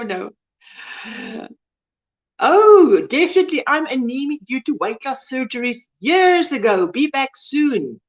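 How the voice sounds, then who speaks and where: A woman hosting a casual live-stream chat, greeting viewers and reading their comments aloud. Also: medium pitch. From South Africa. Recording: dull lo-fi stream audio.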